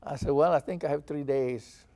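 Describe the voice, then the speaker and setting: A man's voice: on the high side, moderate pace, mellow. An older man from Texas recounting his past in an oral history interview, acting out the dialogue he quotes. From San Antonio, Texas. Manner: storytelling, acts out quoted dialogue. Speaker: veteran interviewee.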